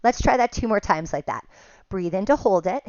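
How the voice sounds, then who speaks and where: A woman teaching a pilates class, giving calm step-by-step cues and counts, a little out of breath at times. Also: mid-range voice, normal speed, no echo, lo-fi sound. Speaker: pilates instructor. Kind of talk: guided exercise class cues.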